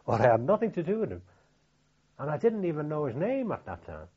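An older man from Liverpool with a Liverpool accent, recalling wartime memories in an oral history interview, halting and plain-spoken with many restarts. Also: on the high side, wildly swooping pitch, a little mellow, husky. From Liverpool, England. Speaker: veteran interviewee. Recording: dull lo-fi recording.

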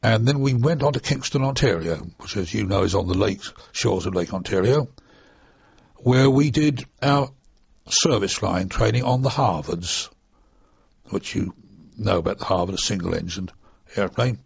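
An older British man, a former RAF trainee pilot, reminisces chattily in an oral history interview, wandering into rambling asides. His lowish voice is gravelly and slightly rough, expressive and moderately paced. The recording is dull, lo-fi and dry with no echo.

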